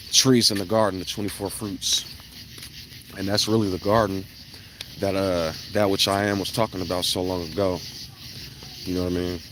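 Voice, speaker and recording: A man, talking in a rambling, blunt monologue that swings into loud, emphatic bursts. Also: lowish voice, slight background noise. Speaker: vlogger. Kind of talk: casual monologue on an evening walk. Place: outdoors at night.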